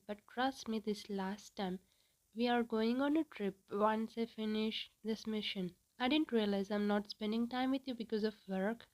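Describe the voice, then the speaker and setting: A woman voicing a gentle, apologetic young husband in a read-aloud story, speaking softly and pleadingly. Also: fairly high pitch, natural voice.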